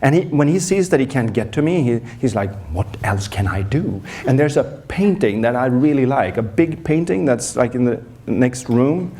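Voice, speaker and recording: Man telling a lively story on stage. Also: mid-range voice, normal speed, few pauses. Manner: animated storyteller, acts out scenes, frequent restarts; self-deprecating humor. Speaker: performance coach. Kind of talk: storytelling conference talk. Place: conference stage.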